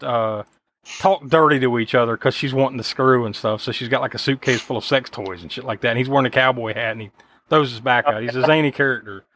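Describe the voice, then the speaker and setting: A man's voice: medium pitch, fairly bright tone. A man hosting a podcast, chatting casually about a film in a rambling, profane way full of fillers. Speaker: podcast host.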